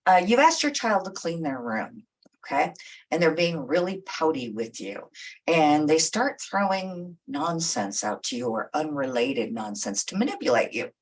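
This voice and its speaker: A woman's voice: low voice, sing-song, normal speed. A woman therapist giving direct, coaching advice in a talk. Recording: voice a bit far from the mic.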